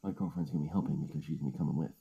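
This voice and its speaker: Hushed man talking close to the mic. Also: extremely low pitch, steady tone, racing, vocal fry, slightly rough, lo-fi sound. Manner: talks quietly close to the mic while his family sleeps. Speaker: show regular. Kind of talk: casual chat on a livestream. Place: home at night. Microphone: close to the microphone.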